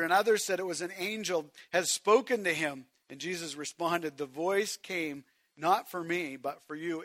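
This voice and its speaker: A man preaching with a high, bright voice. He swings from near-whispered lines to shouted peaks and speaks straight to his congregation. The sound is dry and close, with no room echo. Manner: swings from hushed to shouted emphasis; direct address to the congregation. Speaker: pastor. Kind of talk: sermon.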